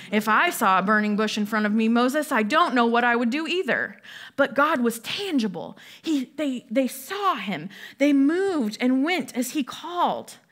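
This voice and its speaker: A woman gives a sermon from a church, talking easily and in a conversational way. Her voice sits a little high, and she keeps asking the congregation questions as she preaches. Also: fairly bright tone. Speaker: pastor.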